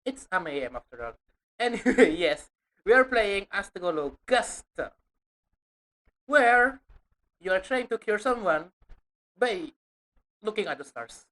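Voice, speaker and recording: A woman's voice: medium pitch, very animated, a little slow, long pauses, a bit bright, poor audio. A woman streamer chatting casually to her viewers while playing a game, giggly and informal. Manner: chatty, giggly, talks to chat as lads. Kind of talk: casual gameplay commentary.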